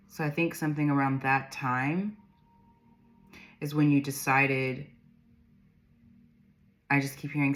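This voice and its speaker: Brief: deep-voiced woman, tarot reader, chatty and rambling, laughs a lot, soft music underneath. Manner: rambling, laughs often, reads card meanings aloud. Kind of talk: intuitive tarot reading.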